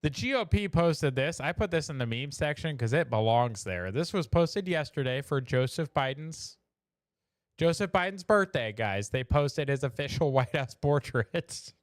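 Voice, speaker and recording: A man's voice: a little high, lively intonation, moderate pace, no echo, studio quality. A man hosting a casual live show, joking about memes in a chatty way and laughing at his own jokes. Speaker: show host.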